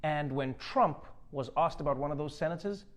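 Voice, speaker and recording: A man's voice: a little high, moderate pace. A man hosting a comedic news monologue, delivering jokes with sarcasm. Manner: joking, sarcastic delivery with acted-out bits. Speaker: comedy host.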